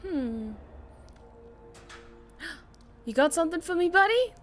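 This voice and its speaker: A woman streaming a video game with casual, excitable commentary, often exclaiming and swearing. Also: extremely high pitch, slow, soft background music.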